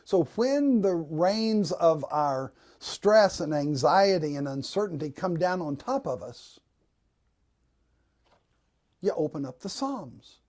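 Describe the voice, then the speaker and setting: Man, pastor giving a devotional; slow, mellow, folksy storyteller. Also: on the high side, animated. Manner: folksy, gently humorous storytelling.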